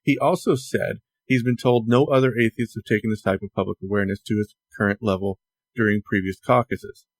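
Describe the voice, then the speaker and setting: Low-voiced man co-hosting a podcast. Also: steady tone, no room sound. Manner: conversational, halting restarts. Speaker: podcast co-host. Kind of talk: casual podcast chat.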